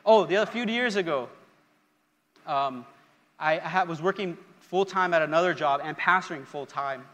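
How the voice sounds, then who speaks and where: A male pastor with a voice on the high side preaches passionately at a moderate pace during a live-streamed church service. His slightly bright voice repeats phrases with rising emphasis. The audio has long hall reverb, faint music, and cut-off highs.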